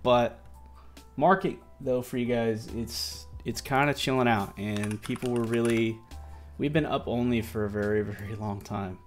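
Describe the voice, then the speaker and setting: A man's voice: mid-range voice, moderate pace, faint music behind. Tired man rambling through a market stream. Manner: rambling, loose, self-correcting, slangy. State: tired and yawning. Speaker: crypto market stream host. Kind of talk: casual livestream market commentary.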